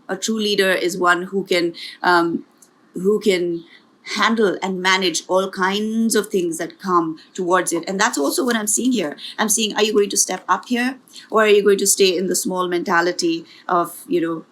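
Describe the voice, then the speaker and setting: A woman in the middle of a tarot reading, talking as a spiritual coach. She is earnest and encouraging, repeats key phrases and adds small asides. Her voice sits at an ordinary middle pitch. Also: a bit bright.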